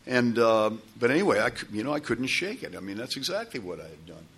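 A man's voice: mid-range voice, big pitch swings, fast talker, fairly bright tone, slightly rough. A man telling a long personal story to a recovery group, rambling with restarts and asides. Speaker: speaker sharing at a recovery meeting.

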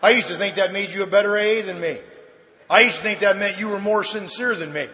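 A middle-aged man sharing his story with a live audience at a recovery meeting, a folksy comic storyteller with dry deadpan asides. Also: high voice, fast. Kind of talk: humorous personal testimony to an audience. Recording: reverberant hall, faint background noise.

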